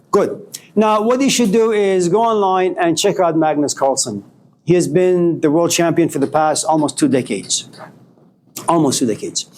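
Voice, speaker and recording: A male philosophy professor giving a classroom lecture, telling stories and acting out talks with students. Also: sits high. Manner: animated storytelling, acting out dialogues with students.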